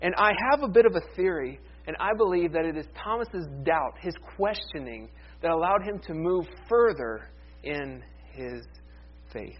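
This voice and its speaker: A man preaching a conversational, animated sermon as pastor, with playful asides. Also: on the high side, normal speed, dull audio.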